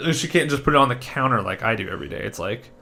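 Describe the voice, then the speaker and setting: Chatty young man, mid-pitched voice. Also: fast talker. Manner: chatty, excitable, swears casually. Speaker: podcast co-host. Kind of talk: casual chat.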